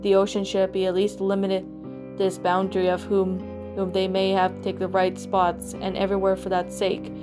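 A woman reading a creepypasta aloud, giving a male official's formal statement in a stiff, halting delivery. Soft music plays behind her. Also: mid-range voice, monotone, close to an everyday voice.

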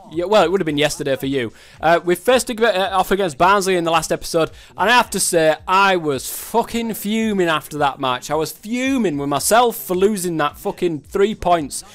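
A man's voice: sits high, fairly bright tone. A young man commentating his football game in casual chat, swearing a lot and ranting in frustration at the game. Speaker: gaming YouTuber.

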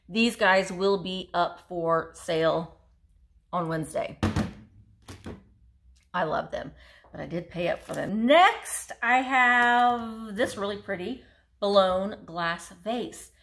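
A woman's voice: mid-range voice, slow pace, a bit bright. A woman reselling vintage, showing off her finds in a chatty, gushing haul video. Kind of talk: casual show-and-tell haul video.

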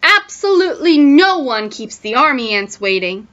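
A woman voicing an angry, snarling female army ant lieutenant who shouts, on a dull lo-fi recording. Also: high-pitched, big pitch swings, normal speed, voice pushed up.

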